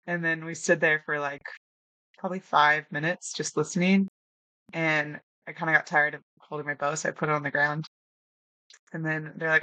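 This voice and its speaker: A young woman guest telling lively stories in a casual interview, acting out quotes and laughing often. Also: deep voice, normal speed, no echo. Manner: animated storyteller, acts out quotes, laughs often. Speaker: podcast guest, new hunter.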